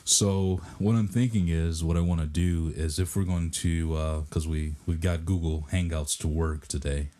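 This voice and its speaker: A man's voice: sits low, fairly even intonation, moderate pace, dark tone. A man hosting a casual podcast from a home office, talking in a rambling, joking way with plenty of fillers. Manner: rambling, jokey, many fillers. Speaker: podcast host. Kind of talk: casual chat.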